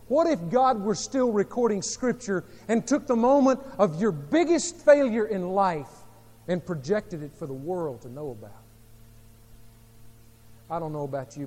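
High-voiced preacher in a reverberant hall. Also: male voice. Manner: dramatic storytelling with sharp swings in volume. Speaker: pastor. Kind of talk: sermon.

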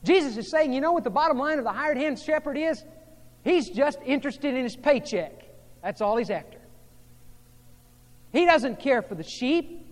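A man preaching a sermon as pastor, moving between hushed, intimate passages and emphatic, rising delivery. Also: very high-pitched, animated, moderate pace, long pauses, big-room sound.

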